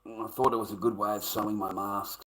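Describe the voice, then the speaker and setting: A man's voice: lowish voice, level tone, fast talker, fairly bright tone, slight background noise, poor audio. An Australian man, a livestreamer, in casual rambling chat, swearing constantly and calling everyone mate.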